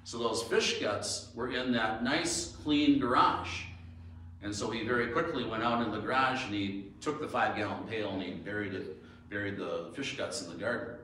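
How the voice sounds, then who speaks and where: Echoey pastor preaching from afar. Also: male voice, on the low side, normal speed, pushed and bright, a little hiss or hum. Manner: storytelling, rhetorical questions, emphatic. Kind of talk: sermon. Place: church sanctuary. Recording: echoey church from far off.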